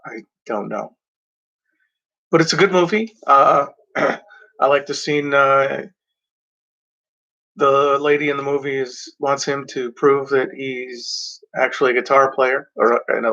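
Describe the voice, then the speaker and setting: A man chats about old movies in a loose, rambling way, stopping often to clear his throat and stumble over words. His voice sits at an ordinary middle pitch. The recording sounds a little dull and lo-fi. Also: bright, forceful tone. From Mexico. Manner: rambling, halting, frequent throat clearing and fillers. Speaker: movie reviewer. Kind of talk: casual movie talk, reading back covers.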